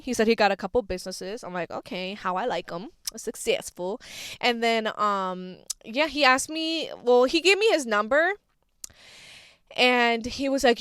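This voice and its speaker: A woman's voice: fairly high pitch, a bit bright, smooth, dry recording, studio quality. Chatty young woman, podcast host. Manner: chatty, candid, laughs often, swears freely. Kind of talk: casual chat.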